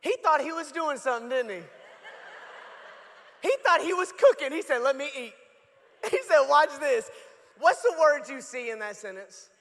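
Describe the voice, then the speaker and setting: Speaking in a very high-pitched, slightly bright voice, a guest pastor delivers a sermon in a church sanctuary. He jokes with the congregation conversationally, and the large hall gives the recording a long reverb.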